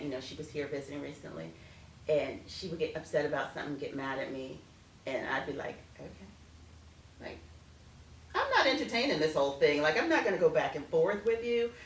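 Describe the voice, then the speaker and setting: A middle-aged woman speaking as an interview guest, an animated storyteller who acts out family conversations. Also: low-pitched. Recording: echoey room, distant from mic, faint noise.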